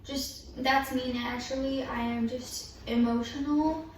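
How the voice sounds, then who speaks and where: Still sore from dental surgery, a female vlogger shares her story in a relaxed, frank and expressive manner. Her high voice is unhurried and captured by a distant mic in an echoey room, off-mic, with faint yard work audible outside.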